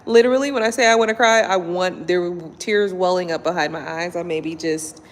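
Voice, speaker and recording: A woman's voice: lowish voice, brisk, in a large hall. A woman doing a blunt, profane casual chat with her live viewers, talking to them from home at night. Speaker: tarot reader.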